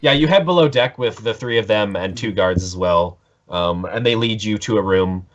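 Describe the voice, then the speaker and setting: A man's voice: on the low side, normal speed. A man narrating a tabletop game as game master, rambling with many fillers. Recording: dull lo-fi mic.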